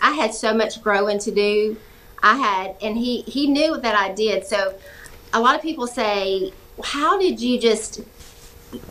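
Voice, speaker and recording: A young woman with a warm Georgia drawl talks as a guest on an interview show. Her voice is bright and sits a little high, and her delivery is lively and cheerful, with easy laughter. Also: poor audio. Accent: Southern US, Georgia. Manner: animated and cheerful, laughs easily. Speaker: actress guest. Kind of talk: casual talk-show interview.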